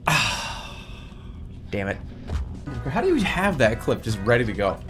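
A man streaming a video game, talking to chat in an animated way with sudden yelps and casual swearing. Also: medium pitch, measured pace. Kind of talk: live gaming stream commentary. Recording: game music in background.

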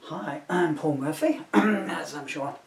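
A man's voice: on the high side, slow pace, recorded from a distance. A man reading from his own comic book, chatty and self-mocking, with asides. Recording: roomy echo, voice from off-mic.

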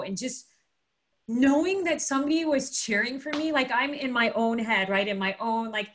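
A woman speaking as an interview guest, telling a story in a casual, animated way, acting out quotes and using lots of fillers. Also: a little high, normal speed, a little hiss or hum.

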